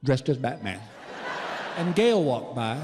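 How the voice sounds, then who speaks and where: Animated stand-up comedian man in a hall. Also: mid-range voice, measured pace. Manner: animated, folksy storytelling with frequent chuckles. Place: large theater stage. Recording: live theater reverb with audience noise.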